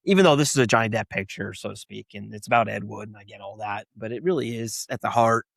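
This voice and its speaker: Halting, filler-heavy man podcasting. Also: lowish voice, creaky, dry recording. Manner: halting, full of fillers and restarts; acts out quoted lines in put-on voices. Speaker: podcast co-host. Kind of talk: casual movie podcast chat.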